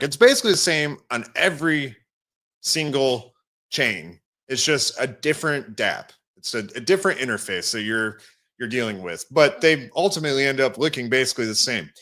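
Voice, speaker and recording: A man with a bright, forceful voice hosts a casual livestream. He rambles loosely as he works through an app on screen. He stops now and then to greet viewers in the chat. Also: mid-range voice. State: has the hiccups. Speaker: crypto livestream host.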